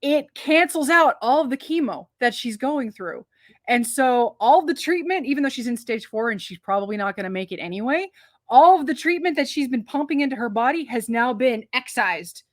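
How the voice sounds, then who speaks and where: A woman co-hosting a movie review show, talking in a chatty, rambling way with quick asides and restarts. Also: high voice, animated, no room sound, clean studio sound. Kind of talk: casual movie review chat.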